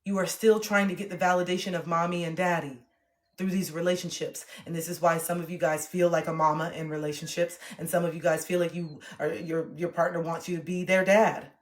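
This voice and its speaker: A woman's voice: fairly low pitch, fairly even intonation, a little fast. A woman in her thirties, a relationship coach, giving blunt, emphatic motivational talk on a livestream and swearing freely. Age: 30s.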